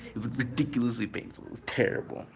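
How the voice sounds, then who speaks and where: A man's voice: mid-range voice, fairly even intonation, fast talker. A man telling a story to his viewers in a casual, rambling way, full of fillers and a little out of breath. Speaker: vlogger.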